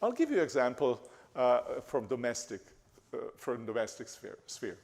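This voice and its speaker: Lively halting man in a church. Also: medium pitch, creaky. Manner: halting, many restarts and fillers. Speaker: guest speaker. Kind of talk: church lecture. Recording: reverberant church hall.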